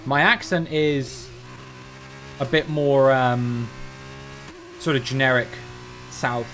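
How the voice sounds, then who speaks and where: Rambling Southern English streamer, mid pitch. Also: male voice, steady tone, takes it slowly, fairly bright tone, slight background noise. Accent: general Southern English. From Cornwall, England. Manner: rambling, musing, frequent restarts. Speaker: game streamer. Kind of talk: casual livestream chat.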